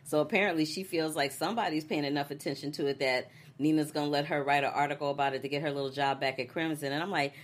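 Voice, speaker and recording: Brief: woman, low-pitched, animated chatty recap co-host. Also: fast, hardly any pauses. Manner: animated, laughs often, acts out characters' lines. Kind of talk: casual chat.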